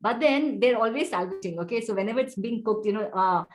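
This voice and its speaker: A woman's voice: medium pitch, quick pace. A woman teaching a devotional scripture class over a video call, talking discursively with many "you know" asides.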